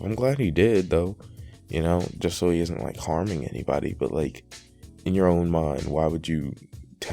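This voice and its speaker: Deep, gravelly, exasperated commentator. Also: male voice, normal speed, mellow, faint music behind. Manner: exasperated, rambling with many fillers. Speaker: commentary host. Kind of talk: reaction commentary.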